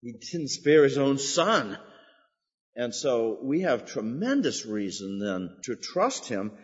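A man's voice: mid-range voice, very animated, slow. Man teaching a church class, echoey hall. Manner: earnest, emphatic, asks and answers questions. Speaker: pastor teaching a study class. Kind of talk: teaching a church study group. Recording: echoey hall, dull lo-fi sound.

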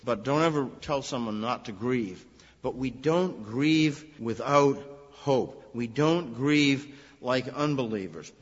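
A man preaches a sermon in a husky voice of middle pitch, moving from relaxed storytelling to emphatic, rising points. The sound is dull and lo-fi and rings with a long reverb, like a church sanctuary. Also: slow pace. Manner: conversational storytelling with emphatic rises. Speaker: minister.

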